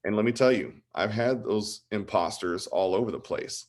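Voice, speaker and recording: A man in his forties from Illinois chats as a podcast guest. His voice sits very low, and he tells rambling, enthusiastic stories. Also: moderate pace. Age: 40s. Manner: animated, rambling, enthusiastic storyteller. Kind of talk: casual interview chat.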